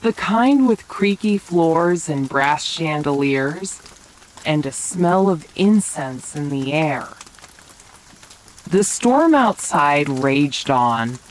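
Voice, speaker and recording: Low-voiced woman narrator, whispered role-play, slow and gentle for sleep. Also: low-quality recording. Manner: slow, soft bedtime narration. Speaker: storyteller. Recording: faint rain sounds behind.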